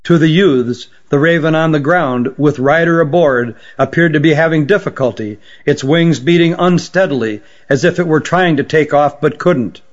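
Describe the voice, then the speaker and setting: A man narrating an audiobook story at a steady, even storytelling pace. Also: a little high, normal speed, few pauses. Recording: dull lo-fi recording.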